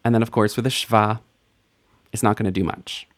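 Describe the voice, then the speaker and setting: A man's voice: on the low side, little pitch movement. A man teaching a Hebrew lesson, patiently sounding out letters and vowels one by one in a playful, lightly joking way. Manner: patient, playful teacher, spells out sounds slowly and repeats words. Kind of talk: recorded language lesson.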